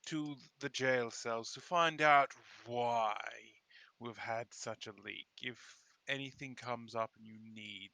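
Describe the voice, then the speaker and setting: Guy doing a gravelly bright-edged wendigo butler, super polite but kinda threatening. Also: mid-range voice, slow. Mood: courteous threat. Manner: courtly and dryly threatening. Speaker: player.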